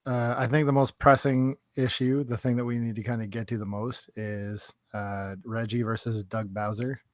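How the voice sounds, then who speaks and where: A man hosting a podcast, talking bluntly and swearing casually in a relaxed chat. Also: medium pitch, moderate pace, no echo, studio quality.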